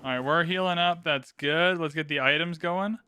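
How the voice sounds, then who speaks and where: A man's voice: fairly high pitch, normal speed, bright, forceful tone. A man hosting a gaming channel, talking through a strategy game in casual, upbeat commentary and explaining his moves as he plays.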